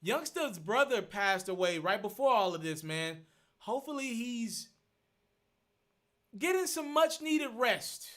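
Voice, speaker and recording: A man hosting a live stream, thinking out loud as he works through viewer questions. His voice sits high and sounds bright and forward. He restates his points as he goes and stays earnest. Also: sing-song, measured pace. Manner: thinks aloud, repeats himself, earnest. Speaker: host.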